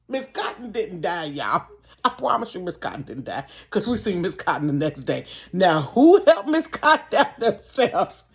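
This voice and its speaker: A woman's voice: fairly low pitch, normal speed. Chatty woman telling a storytime vlog. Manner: animated, chatty, frequent laughter, addresses viewers. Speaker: vlogger. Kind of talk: casual storytime monologue. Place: bedroom.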